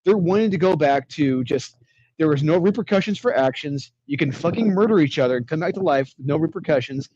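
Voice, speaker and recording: Profane, ranting male co-host, fairly high voice, dull lo-fi mic, dry sound. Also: expressive, a little fast, darkish tone. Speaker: comic review co-host. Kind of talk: casual chat.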